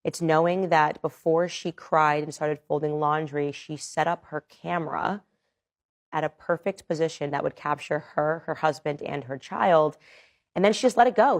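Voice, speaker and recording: A woman commenting on viral videos in a measured, analytical, dry way. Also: deep voice.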